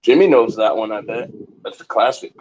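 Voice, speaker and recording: A man's voice: lowish voice, a little fast, a little mellow, slightly rough, dull audio. A man calling into a livestream, joking and swearing in casual banter. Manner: joking, profane. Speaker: guest calling in.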